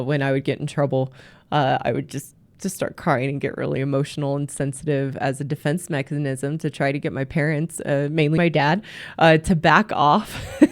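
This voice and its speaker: A woman host and marriage coach giving earnest advice, often repeating words as she restarts. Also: low-pitched. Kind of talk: advice talk to camera.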